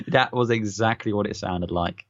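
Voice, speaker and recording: Low-voiced man, jokey podcast chat. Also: unhurried, a bit bright, no room sound, highs cut off. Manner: jokey, laughs often. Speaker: podcast co-host. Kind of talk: casual chat.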